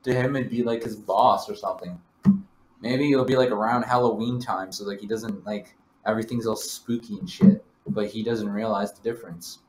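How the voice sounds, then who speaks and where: A man's voice: on the low side, fairly even intonation, moderate pace, darkish tone, soft background music. A man co-hosting a podcast, talking in a rambling, laid-back way with lots of fillers. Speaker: podcast co-host. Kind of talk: casual brainstorming chat. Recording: echoey room with faint noise.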